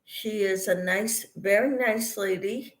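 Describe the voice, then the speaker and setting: A woman's voice: mid-range voice, takes it slowly, echoey room. A woman hosting a casual crochet livestream, chatting with viewers by name while she cooks in her kitchen. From Kansas. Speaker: crochet channel host. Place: home kitchen.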